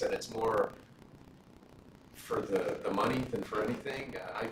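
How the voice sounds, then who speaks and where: A middle-aged man, a judge, talking casually with law students in a relaxed question-and-answer session, full of "you know" fillers and anecdotes. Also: fairly low pitch, moderate pace, creaky, long pauses. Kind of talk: casual Q&A talk. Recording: roomy, distant mic, room noise.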